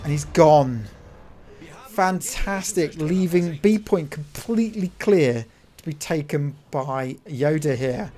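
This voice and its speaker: A man giving excitable play-by-play commentary over a naval battle game replay, cheering his teammate on and talking to viewers as folks. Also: on the high side. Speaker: gaming channel host.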